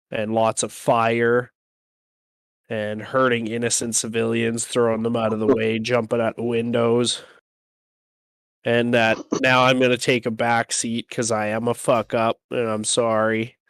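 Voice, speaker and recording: A man's voice: medium pitch, smooth, dry recording. A man playing a tabletop game, rambling and self-deprecating, swearing casually. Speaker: player. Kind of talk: casual tabletop role-play.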